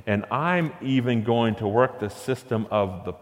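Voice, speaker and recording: A male preacher delivers a sermon in a mid-pitched voice. He asks rhetorical questions and hammers his points home through repetition. His voice carries a long reverb from a large hall. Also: measured pace.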